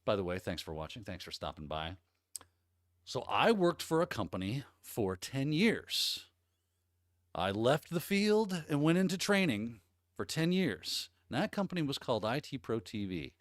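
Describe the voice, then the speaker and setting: A man's voice: mid-range voice, sing-song, normal speed, no room sound, clean studio sound. Upbeat man hosting a live chat. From Midwest US. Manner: upbeat, rambling, greeting viewers by name. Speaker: host. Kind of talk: casual livestream chat.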